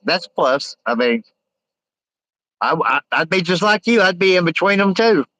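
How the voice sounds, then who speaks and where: A man's voice: high voice, animated, normal speed, bright, forceful tone, no room sound, poor audio. Rambling, blunt man on a live stream. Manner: rambling and blunt, jokes with viewers. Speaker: livestream host reading chat. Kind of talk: casual live stream chat.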